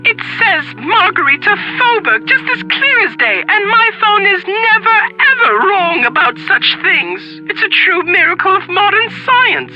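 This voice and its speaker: A woman's voice: very high voice, big pitch swings, unhurried, hardly any pauses, heavily acted. An actress voicing a pompous, fussy older society chairwoman in a video game, haughty and theatrical with old-fashioned phrasing. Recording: dull lo-fi game audio. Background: faint game music.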